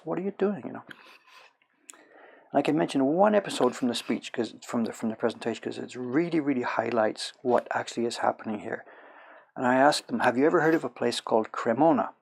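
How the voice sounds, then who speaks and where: A middle-aged man from Canada who talks in a gravelly, slightly husky voice. He chats casually with his stream audience while he works, telling long stories, circling back and correcting himself mid-sentence. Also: mid-range voice, fast. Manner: rambling, self-correcting storyteller. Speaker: livestream host, woodblock printmaker. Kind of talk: casual chat while working.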